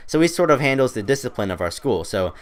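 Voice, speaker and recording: A teenage boy talks quickly and chattily, spinning a rambling story as gameplay commentary. His voice is smooth and clear at a middle pitch, with a self-mocking, offhand manner. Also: sing-song. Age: teens. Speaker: gaming commentator.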